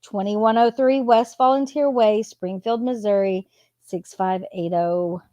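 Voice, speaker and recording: Slow, sarcastic woman reading messages. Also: medium pitch, fairly even intonation, mellow, no room sound. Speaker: true crime commentator reading text messages. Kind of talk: casual commentary reading messages aloud. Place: home with a cat nearby.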